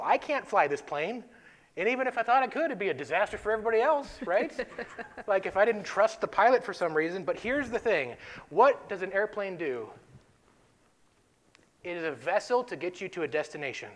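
A man from North Dakota co-hosting a faith-based talk, telling a story with lively voice play and frequent laughs. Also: high voice, moderate pace. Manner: animated storyteller, laughs often. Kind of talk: faith-based podcast chat.

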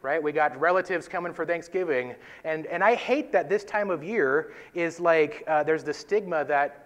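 Brief: man, slightly higher voice, casual earnest Bible teaching, conversational with soft emphatic drops. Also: moderate pace, hardly any pauses. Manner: conversational, tags points with "right?".

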